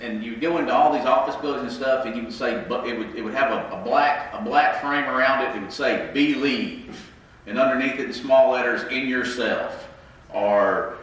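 A man's voice: medium pitch, fairly bright tone. A man preaching an interactive sermon, conversational and questioning the congregation, with a congested voice from his sinuses. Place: church sanctuary. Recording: echoey room mic from a distance.

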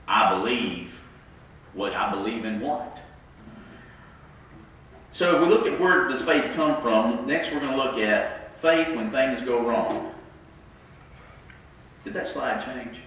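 A man's voice: medium pitch, unhurried, pauses often, a bit bright, a little hiss or hum. A man preaching an interactive sermon, conversational and questioning the congregation, with a congested voice from his sinuses. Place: church sanctuary. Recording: echoey room mic from a distance.

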